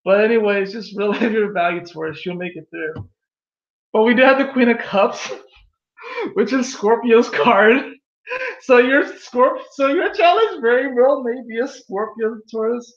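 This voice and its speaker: A man giving a casual tarot reading, animated and laughing at his own jokes. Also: very high-pitched, unhurried. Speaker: tarot reader. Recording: echoey room, dull lo-fi sound.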